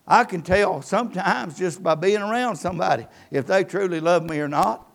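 A pastor delivers a church sermon, his voice pitched high for a man and full of gravelly fry. He quotes scripture and swells and drops his emphasis as he preaches. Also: normal speed. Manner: preaching with rising and falling emphasis, quoting scripture.

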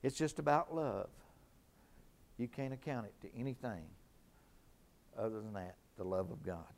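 A man's voice: lowish voice, animated, normal speed, darkish tone. A middle-aged man preaching a sermon in a fervent, emphatic way, repeating his key lines.

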